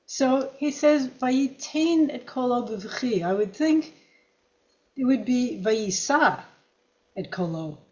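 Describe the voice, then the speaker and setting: A woman's voice: fairly high pitch, expressive, slow, muffled recording. A woman in a text study class, offering a thoughtful comment. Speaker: class participant. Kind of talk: discussion comment.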